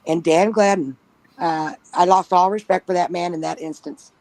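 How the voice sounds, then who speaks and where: A woman's voice: fairly low pitch, fairly even intonation, moderate pace, a little mellow, no room sound, low-quality recording. A woman telling a story in casual talk at home, blunt and swearing freely, often giggling. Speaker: panel guest. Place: at home with pets nearby. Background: dog snoring.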